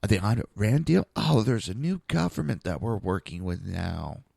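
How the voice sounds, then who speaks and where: A man's voice: on the low side, big pitch swings, normal speed, gravelly, a little mellow, no echo, studio quality. A man hosting a podcast, delivering a blunt, profane political monologue full of rhetorical questions. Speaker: podcast host. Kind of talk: opinionated political commentary monologue.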